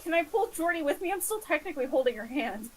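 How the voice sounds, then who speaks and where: A woman's voice: sits high, animated, fast. A woman playing a tabletop game, talking hesitantly and unsure of herself. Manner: hesitant, uncertain. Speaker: player. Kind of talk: casual tabletop play.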